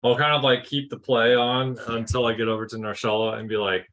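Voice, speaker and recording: A man's voice: medium pitch, little pitch movement, fairly quick, a bit bright, poor audio. A man playing a tabletop game, explaining his moves in a rambling way with many fillers. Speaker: player. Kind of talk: casual tabletop play.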